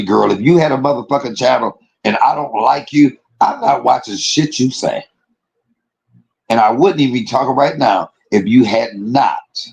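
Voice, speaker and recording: A man's voice: lowish voice, creaky, low-quality recording. A man from Detroit hosting a livestream, ranting in a casual, profane way and laughing often. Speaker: livestream host.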